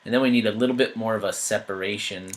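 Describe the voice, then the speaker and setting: A man giving an art critique, talking through changes thoughtfully with many pauses, fillers and restarts. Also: lowish voice, fairly even intonation, slight background noise, low-quality recording. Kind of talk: painting critique while editing on screen.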